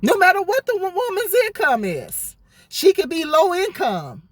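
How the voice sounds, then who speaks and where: A woman's voice: extremely high pitch, wildly swooping pitch, moderate pace, dry recording. A woman vlogging from her parked car, answering viewer comments in an indignant, sarcastic rant, often stammering and repeating words. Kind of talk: ranting commentary vlog. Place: parked car in a parking lot.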